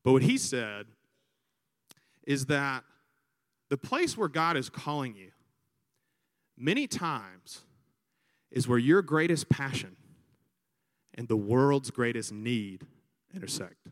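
Animated Southern man preaching in a hall. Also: medium pitch, slow, pauses often. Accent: Southern American. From Alabama. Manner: animated storyteller, imitates crowds. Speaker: priest, vocation director. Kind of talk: sermon with storytelling.

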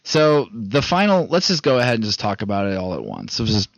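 A man's voice: lowish voice, wildly swooping pitch, brisk, vocal fry, dry recording. A man casually recapping a movie plot, rambling and swearing as he retells scenes, on a dull, dry recording.

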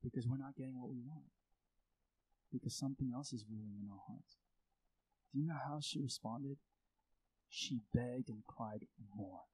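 A man's voice: medium pitch, moderate pace, long pauses, darkish tone, slightly rough, no room sound, poor audio. A man preaching a sermon, speaking earnestly and acting out prayers and indignant reactions to make his point. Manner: earnest, acts out prayers and reactions with rising intensity. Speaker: pastor.

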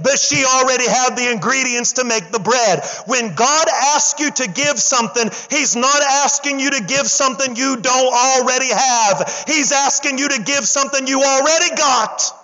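A very high-pitched male pastor preaches an animated sermon in a church, voicing the story's characters in casual slang and urging the congregation to answer back. The recording is dull and lo-fi, with a long reverb trailing each phrase. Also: moderate pace, few pauses. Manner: animated preaching, calls for audience response.

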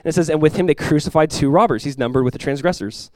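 Male pastor, rapid sermon delivery, slightly high voice, dry close sound; emphatic, climbs on scripture quotes. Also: darkish tone, no room sound. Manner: emphatic preaching, voice climbs and swells when quoting scripture; conversational asides with quick restarts.

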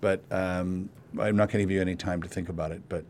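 A man's voice: sits low, steady tone, fast talker, a little mellow, a little hiss or hum. A man hosting a casual interview podcast, rambling with many restarts. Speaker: podcast host.

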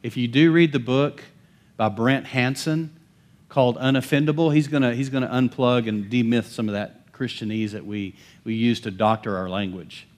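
Male pastor mid-sermon, mid-pitched voice, emphatic, asks the room for amens. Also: steady tone, normal speed. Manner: emphatic, swings between bold calls and hushed asides; calls out to the congregation for amens.

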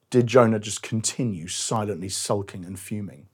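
A middle-aged male pastor preaching a sermon, telling stories with animated acted-out quotes and sometimes dropping to a quiet voice. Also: lowish voice, normal speed, hardly any pauses, husky.

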